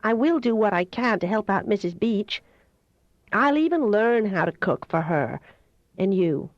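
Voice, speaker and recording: Woman voicing a proud teen girl dancer, sharp and defensive, dull dry recording. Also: medium pitch, big pitch swings, unhurried, dry recording, voice pushed up. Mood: defiant.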